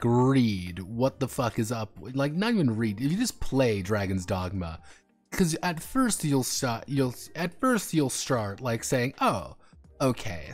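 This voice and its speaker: A man streaming, chatting casually and rambling through profane, animated tangents over faint background music. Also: mid-range voice. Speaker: streamer and game designer.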